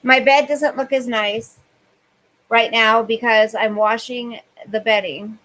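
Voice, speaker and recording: A woman's voice: a little high, fairly even intonation, slow pace, a bit bright, low-quality recording. A woman hosting a casual live stream, overheated and sweaty, chatting as she reads viewer comments aloud and answers them. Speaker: livestream host.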